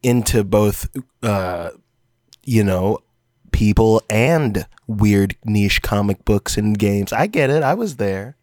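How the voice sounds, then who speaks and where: Dry low-voiced joking man. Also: slow pace, a little mellow, no echo. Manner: sarcastic, joking. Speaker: player. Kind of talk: casual banter.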